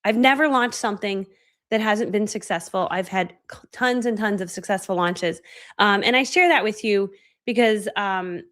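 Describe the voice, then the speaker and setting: A woman in her forties leads a motivational training talk as an online course coach. She speaks in a chatty, storytelling way, mocking herself and acting out her own past reactions. Her voice sits at an ordinary middle pitch for a woman. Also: normal speed, a bit bright. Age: 40s. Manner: self-deprecating, chatty, many fillers like "right?".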